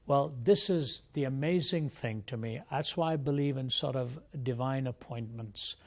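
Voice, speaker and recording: A man's voice: mid-range voice, moderate pace. An older man from India, a guest speaker, giving an earnest, reflective personal testimony in an interview.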